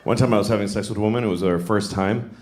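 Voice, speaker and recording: A middle-aged man doing live stand-up, telling stories deadpan and jumping into high-pitched voices. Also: fast talker. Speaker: stand-up comedian. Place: comedy club stage. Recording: echoey club with crowd noise.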